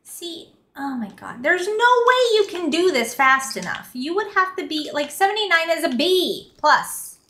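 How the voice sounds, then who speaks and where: High-voiced, sarcastic woman streamer. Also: sing-song, measured pace, hardly any pauses, pushed and bright. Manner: grumbling, sarcastic, swears freely. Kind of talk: casual live-stream chat while gaming.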